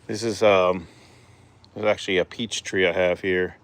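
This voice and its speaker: A man filming his backyard chickens on a handheld phone, chatting in a relaxed, rambling way and talking to his hens outdoors. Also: sits low, moderate pace, clean tone. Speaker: backyard chicken keeper, vlogger. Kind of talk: casual walk-and-talk vlog. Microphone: handheld phone camera.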